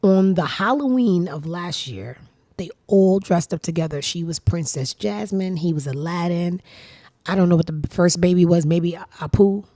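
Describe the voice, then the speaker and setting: A woman's voice: lowish voice, moderate pace, mellow, dry recording. A woman hosting her own show, giving casual gossip commentary in a blunt, sassy, profane way. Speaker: show host.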